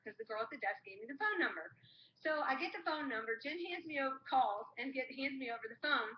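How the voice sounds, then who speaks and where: A woman with a notably high voice spins a chatty, rambling anecdote, acting out what everyone said along the way. The sound is dull and lo-fi, with faint noise under it. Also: animated, quick pace, roomy sound. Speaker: co-host. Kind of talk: casual live-stream storytelling. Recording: dull lo-fi live stream audio with faint noise.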